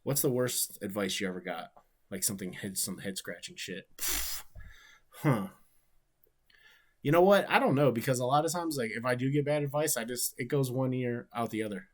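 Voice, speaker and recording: A man's voice: medium pitch, brisk. A man from Ohio, speaking, chatting casually and rambling on a livestream while answering viewer questions. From Ohio, USA. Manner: laid-back, rambling, swears freely. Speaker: wrestler streaming and watching his matches.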